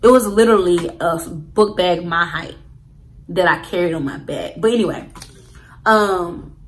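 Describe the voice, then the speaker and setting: A woman's voice: fairly low pitch, measured pace, a little hiss or hum, rough recording. A young woman telling a storytime to her viewers in a casual, slangy way, talking straight to the audience. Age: young adult. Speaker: vlogger.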